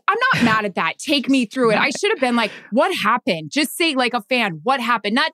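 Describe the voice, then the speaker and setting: A woman co-hosting a podcast in casual chat, excitable, swearing freely and acting out what people said. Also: on the high side, brisk, few pauses, no room sound, studio quality. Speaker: podcast co-host.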